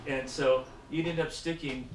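A man's voice: mid-range voice, moderate pace. Guy telling fishing stories in a car, echoey, kinda far from the camera. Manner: animated storyteller, acts out voices. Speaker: guest angler. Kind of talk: casual fishing chat. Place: in a car on the road. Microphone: action camera. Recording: echoey and distant, faint noise.

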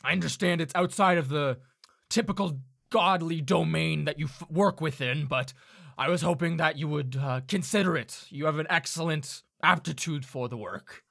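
A man voicing a formal, persuasive male tiefling mage who speaks haltingly but insists. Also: on the high side, gravelly, a bit bright.

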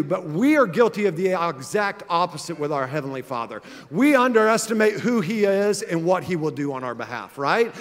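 A man's voice: high-pitched, expressive, fairly quick, hardly any pauses, in a large hall. A man in his thirties preaching, telling stories in a conversational way and building to emphatic exhortation. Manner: earnest, conversational storytelling that rises to emphatic exhortation. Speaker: pastor. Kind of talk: sermon.

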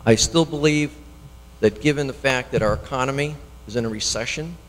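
Man, local official at hearing: earnest, halting delivery with restarts, long hall reverb. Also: medium pitch. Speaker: elected official speaking at public hearing. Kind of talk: public comment. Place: town meeting hall.

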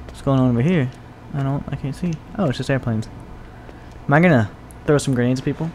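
A young man commentating his own gameplay, excitable, joking and swearing as he plays. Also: mid-range voice, fast talker, a little hiss or hum. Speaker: let's play gamer. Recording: game music behind the voice. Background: game music.

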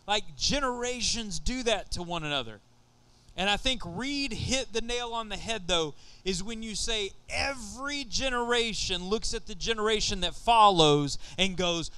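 A man's voice: high-pitched, normal speed, bright, forceful tone, clean tone. A middle-aged man with a Texan accent preaching a sermon to his congregation in a casual, joking way. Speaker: pastor.

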